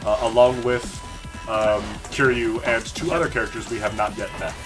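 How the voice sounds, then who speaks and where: A man's voice: on the low side, steady tone, moderate pace, loud music behind the voice. A man from Europe streaming a video game, chatting casually and joking with his co-host. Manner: chatty, joking, reads game dialogue aloud in put-on voices. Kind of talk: casual gaming chat.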